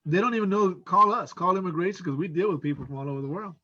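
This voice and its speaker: A man's voice: sits high, fast talker, bright, forceful tone, highs cut off. A man with a West Texas accent telling casual anecdotes and acting out the voices of the people in them. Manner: anecdotal, acts out quoted voices. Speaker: former immigration officer. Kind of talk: casual storytelling.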